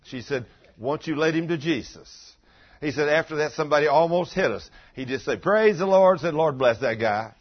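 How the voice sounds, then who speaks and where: An older man preaching a folksy sermon full of homespun stories, acting out quotes loudly. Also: a little high, normal speed, husky. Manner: homespun, animated, breaks into loud acted quotes. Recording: dull lo-fi sound.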